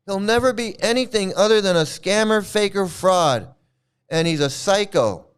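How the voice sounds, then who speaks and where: A man delivering angry vlog commentary in a fairly high voice, heated and full of profanity. His tone is smooth and clear, and he keeps circling back to the same insults. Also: expressive, moderate pace. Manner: heated, profane, repetitive ranting. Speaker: channel host.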